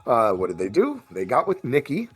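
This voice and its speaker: A man's voice: mid-range voice, huge pitch swings, brisk. A man game master recapping the last session of a tabletop game, rambling with fillers and restarts.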